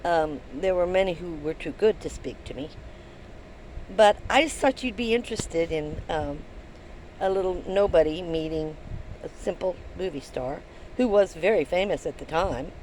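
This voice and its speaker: A woman's voice: on the low side, animated, normal speed, darkish tone, slight background noise, poor audio. An older woman vlogging from her van, telling a story in a chatty, rambling way with many ums and restarts. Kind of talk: casual storytelling to camera.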